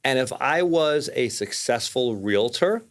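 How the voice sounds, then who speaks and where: A man's voice: expressive, unhurried. A man in his fifties with a New York accent, a guest talking casually in an interview, rambling with many restarts. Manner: rambling, many restarts, rises in pitch when making a point. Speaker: podcast guest, mortgage lender.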